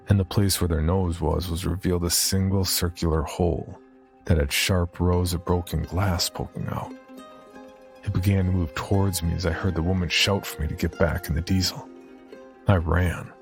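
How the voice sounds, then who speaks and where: A man narrating a first-person horror story in a steady, measured storytelling manner. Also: deep voice, vocal fry.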